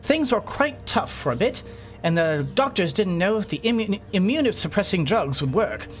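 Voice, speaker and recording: A woman's voice: mid-range voice, sing-song, normal speed, faint music behind, natural voice. Woman putting on an English-accented letter writer. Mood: tender. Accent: English, put on. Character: gentle ailing woman scientist writing a letter. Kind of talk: reading a letter aloud in a put-on voice.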